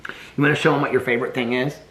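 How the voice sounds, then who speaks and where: A man's voice: mid-range voice, flat delivery, rapid-fire, a bit bright, slight background noise. A man vlogging casually at home, cooing to his puppies and rambling through stories. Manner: doting baby talk to his dogs, rambling asides. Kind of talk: casual daily vlog. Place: home, indoors.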